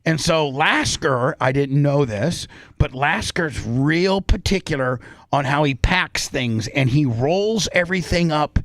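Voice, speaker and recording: A man's voice: on the high side, measured pace, no echo, studio quality. A male radio show host telling a story in a casual way, putting on the voices of the people in it. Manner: animated, acts out other people's voices in his story.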